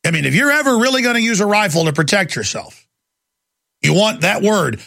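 A man's voice: sits high, sing-song, fairly quick, gravelly, bright, forceful tone, faint music behind. A man hosting a talk radio show, ranting emphatically and hammering key words over and over.

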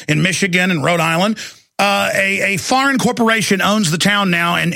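Male radio host, high gravelly voice, forceful rant, dry close sound. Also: no echo. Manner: ranting, urgent, with stammered restarts and repetition. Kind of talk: impassioned talk radio monologue.

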